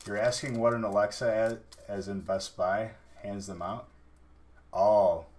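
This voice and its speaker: A man's voice: lowish voice, fairly even intonation, measured pace, darkish tone, a little hiss or hum. A man casually chatting on a live stream while opening card packs, teasing and thanking viewers.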